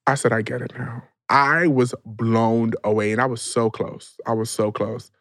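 Expressive podcast man from New York. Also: mid-range voice, moderate pace, no room sound, studio quality. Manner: expressive, slangy and dramatic. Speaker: podcast co-host. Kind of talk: casual chat.

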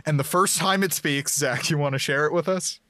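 A man's voice: fairly high pitch, bright, forceful tone, no echo. Man joking in a dry, close recording. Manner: joking, laughing, quick asides. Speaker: podcast co-host. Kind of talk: casual chat.

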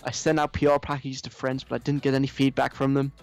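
A man's voice: mid-range voice, completely flat delivery, quick pace, gravelly, soft background music, lightly acted. A man voicing an entitled, whiny young woman influencer with a put-on American accent, gushing and self-pitying.

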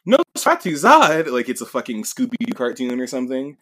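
A man talking casually with a co-host, voice sitting in an ordinary middle pitch. He rambles, leans on fillers and breaks into laughter often. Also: little pitch movement, quick pace, a little mellow. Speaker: podcast co-host. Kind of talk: casual chat about manga.

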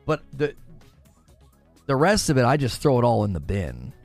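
A man's voice: medium pitch, big pitch swings, moderate pace, a little mellow, no room sound, soft background music. A man hosting a casual gaming livestream, talking through examples and acting out imagined quotes.

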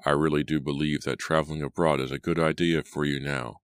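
A man voicing a gruff, concerned older father in an audiobook, speaking softly. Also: very deep voice, little pitch movement, a little fast, no room sound. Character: stern older father, gruff but gentle. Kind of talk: audiobook character voice.

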